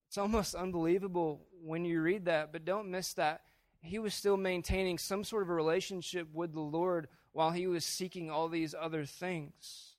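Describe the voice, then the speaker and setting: A man preaching a sermon as pastor, earnest, swelling louder on key phrases. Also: high-pitched, steady tone, normal speed, no room sound.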